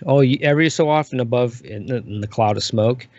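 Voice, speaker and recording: A man narrating as dungeon master, describing scenes in a relaxed, unhurried way. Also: medium pitch, dry recording. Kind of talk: narrating a tabletop game. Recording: muffled lo-fi recording.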